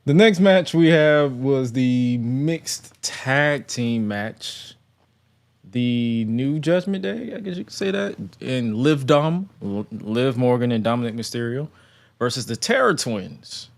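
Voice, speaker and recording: A man's voice: mid-range voice, expressive, takes it slowly, creaky. A man co-hosting a casual chat, rambling and stumbling over repeated words.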